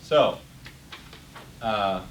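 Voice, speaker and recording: A man's voice: lowish voice, lively intonation, very slow. A middle-aged man teaching an interactive Bible class, passionate, getting worked up and repeating words. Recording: roomy, distant, faint hiss.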